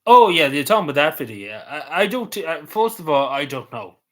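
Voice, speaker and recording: A man with a Cavan Irish accent chatting casually on a live stream, answering comments in a halting way that trails off quietly at the ends of phrases. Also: fairly high pitch, sing-song. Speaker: livestreamer.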